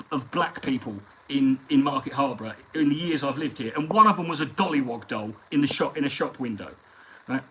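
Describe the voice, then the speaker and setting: A man's voice: on the high side, fairly bright tone, slight background noise, poor audio. Foul-mouthed Englishman rambling on stream. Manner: profane, rambling storyteller. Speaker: live stream host. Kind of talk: casual anecdotal chat. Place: at home on a live stream.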